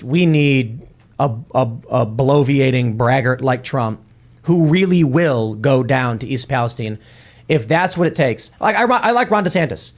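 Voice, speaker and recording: A podcast host arguing his view in a rambling way, with stammering restarts. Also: medium pitch. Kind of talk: panel show discussion.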